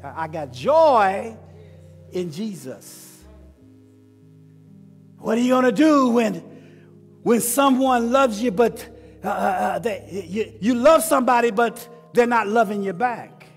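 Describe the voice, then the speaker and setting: A man's voice: very high-pitched, moderate pace, slightly rough. A male pastor, preaching a sermon in repeated rising questions that swell and fall. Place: church sanctuary. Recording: long church reverb with music. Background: instrumental music.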